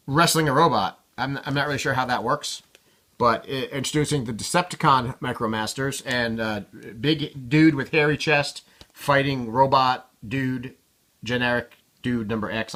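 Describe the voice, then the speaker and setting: Bright-voiced man chatting about comics. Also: mid-range voice. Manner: offhand and irreverent, swears freely. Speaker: comic collector showing his collection. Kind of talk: casual commentary.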